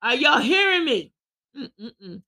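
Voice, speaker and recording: A woman preaching with fervor, quoting scripture and shouting as she exhorts her listeners. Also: high voice, big pitch swings, slow pace. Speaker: podcast preacher.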